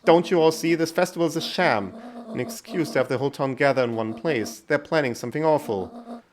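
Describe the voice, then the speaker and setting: A man's voice: on the high side, brisk, soft background music, voice pushed up, close to an everyday voice. A man doing a defiant, urgent whistleblower woman. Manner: urgent, pleading and accusing. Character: defiant woman exposing a conspiracy.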